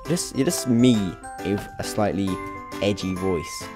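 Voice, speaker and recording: A man's voice: on the low side, a little slow, music in the background. A young man hosting a game channel, giving let's play commentary in an exasperated, rambling way with swearing. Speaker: gaming channel host.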